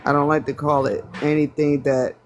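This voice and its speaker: A man from the United States speaking on a phone in a live online panel debate, halting and hedging, with many restarts. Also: a little high, little pitch movement, slight background noise. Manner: halting, full of restarts and self-doubt. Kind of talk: casual debate.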